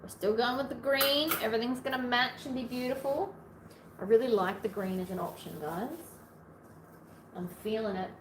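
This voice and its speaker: A woman hosting a long sewing livestream in casual chat, playfully narrating each step aloud, her voice a little hoarse from hours of talking. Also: a little high, moderate pace. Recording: echoey room, faint background noise.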